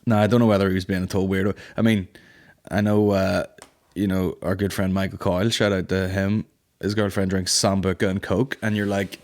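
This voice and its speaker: A man's voice: deep voice, steady tone, quick pace. A man hosting a comedy podcast, telling sweary stories in a casual monologue and acting out the people in them. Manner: sweary storytelling, acting out quoted voices. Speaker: podcast host.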